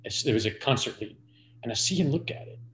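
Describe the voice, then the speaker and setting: A man's voice: mid-range voice, lively intonation, fast talker, a bit bright, slight background noise. A man in his forties, a podcast guest, telling a profane, rambling story full of "like" fillers. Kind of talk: casual storytelling.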